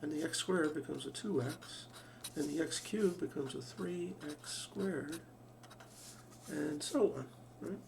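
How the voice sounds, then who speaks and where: A man explains a math lesson out loud, often restarting his sentences and putting questions to the class. His voice is gravelly and sits a little high. The sound is picked up from a distance in an echoey room, with a faint hum behind it. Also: slow pace. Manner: thinking aloud, restarts, asks rhetorical questions. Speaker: math teacher. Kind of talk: lecture.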